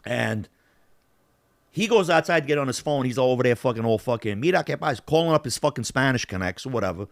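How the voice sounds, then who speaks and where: Animated, profane male storyteller. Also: mid-range voice, brisk. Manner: profane, animated, acts out quotes. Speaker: podcast host. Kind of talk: casual storytelling.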